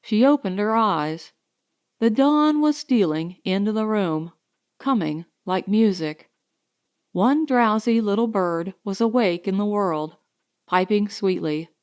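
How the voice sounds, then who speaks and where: A woman narrating an audiobook in a slow, expressive reading voice. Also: mid-range voice, smooth. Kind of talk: scripted narration.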